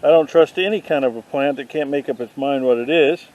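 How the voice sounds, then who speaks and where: A man vlogging a walk through an outdoor garden, dropping deadpan puns as he goes. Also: mid-range voice, a little fast, few pauses, dull audio. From not from the South. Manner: deadpan punning asides. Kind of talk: joking walk-through commentary. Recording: faint outdoor noise.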